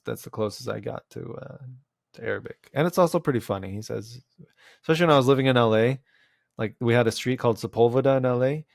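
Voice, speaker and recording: A man's voice: medium pitch, vocal fry, no room sound, studio quality. A young man co-hosting a casual podcast, joking and laughing often. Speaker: podcast co-host. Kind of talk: casual chat.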